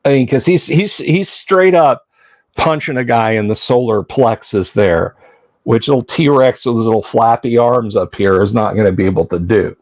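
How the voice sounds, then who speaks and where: A man with a mid-range voice hosts a livestream at normal speed, with no room sound. He chats casually and jokes with viewers, answering chat and rambling between points.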